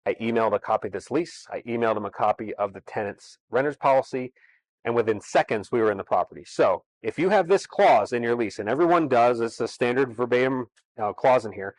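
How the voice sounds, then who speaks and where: A man's voice: medium pitch, lively intonation, a little fast, no echo, rough recording. Emphatic man presenting to landlords. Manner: emphatic, conversational, explains step by step. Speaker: real estate seminar presenter. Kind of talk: explanatory seminar talk.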